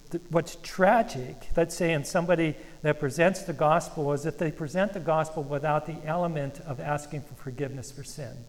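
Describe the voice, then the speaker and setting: A man preaching a sermon as pastor, earnest and halting with restarts, slowing down when he reads scripture aloud. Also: on the high side. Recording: long reverb of a hall.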